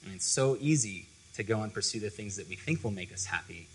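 A man's voice: on the low side, animated, a little fast, slight background noise, low-quality recording. A young man giving a casual, conversational sermon to a student fellowship, full of "like" and loose asides. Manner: conversational, filler-heavy with frequent "like".

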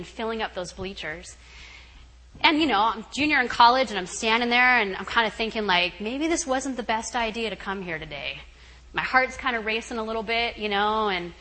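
Chatty, bright-voiced woman telling a story. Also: mid-range voice, rough recording. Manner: animated, chatty, fillers like "you know" and "right". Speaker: guest speaker. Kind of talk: storytelling talk at a retreat.

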